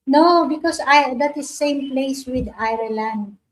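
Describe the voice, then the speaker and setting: Woman, slightly high voice, slow unhurried speech, insistent questions, casual livestream host. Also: slight background noise, poor audio. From Philippines. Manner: questioning, insistent, non-native grammar. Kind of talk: casual live-stream chat.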